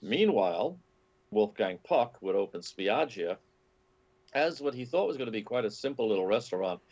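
A man's voice: on the low side, moderate pace. A man being interviewed as a food writer, telling stories at length with lots of fillers and restarts. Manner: animated storytelling with many fillers and restarts. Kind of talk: interview conversation. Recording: dull lo-fi audio.

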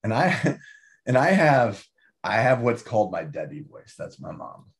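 A man talking as an interview guest and author, emphatic and animated, often tagging his points with "right?". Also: on the low side, a little slow. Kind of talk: casual interview talk.

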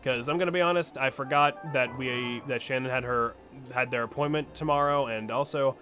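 A man's voice: mid-range voice, brisk, pushed and bright, faint music behind. Casual, profane man on a game stream. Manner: rambling, profane, self-deprecating. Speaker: co-host of a gaming stream. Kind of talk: casual let's-play chat.

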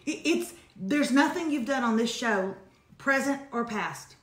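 A woman co-hosts a casual live advice chat, sassy and emphatic as she dishes out advice. Her voice sits a little high, and the room around her is echoey. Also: unhurried. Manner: sassy, emphatic, animated storytelling. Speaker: co-host giving advice.

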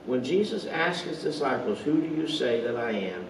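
A man's voice: medium pitch, animated, moderate pace, distant mic, background noise. A man giving an earnest online Bible study sermon, asking rhetorical questions and making small slips and asides. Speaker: pastor. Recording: roomy echo, voice off-mic, faint ambience.

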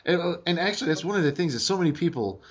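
A man hosting a casual review chat, animated, with stammering restarts and quick asides. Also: a little high. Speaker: podcast host. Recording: dull lo-fi audio.

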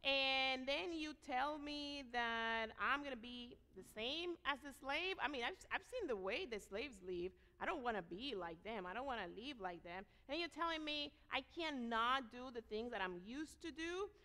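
A woman preaching a sermon in a church sanctuary, her voice pitched a little high and carried by a long reverb. She is animated, acts out the voices of the people she quotes, and keeps turning to the congregation with rhetorical questions. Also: normal speed, hardly any pauses. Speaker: guest preacher.

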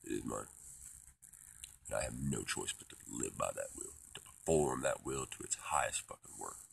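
A man delivering a profane, rambling philosophical monologue, swinging between loud outbursts and hushed whispers. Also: very deep voice, lively intonation, moderate pace, gravelly, slightly rough. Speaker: vlogger.

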